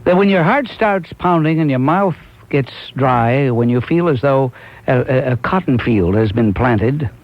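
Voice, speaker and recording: A man's voice: medium pitch, expressive, measured pace. A man hosting a call-in talk radio show, urging listeners on and answering callers. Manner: emphatic, exhorting listeners. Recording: muffled lo-fi 1990s AM radio recording.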